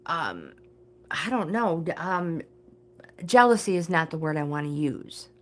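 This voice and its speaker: An older woman hosting a casual live stream, reading oracle cards to viewers and often pausing to search for words. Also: sits low, big pitch swings. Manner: hesitant, searching for words, many fillers.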